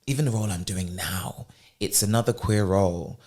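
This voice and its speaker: Deep-voiced young man telling stories. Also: a little fast, a little mellow. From England. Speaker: actor guest. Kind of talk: casual interview chat.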